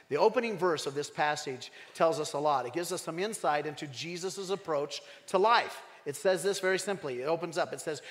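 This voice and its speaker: A man preaching a sermon as pastor, animated and emphatic, asking his congregation questions. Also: a little high, long reverb tail.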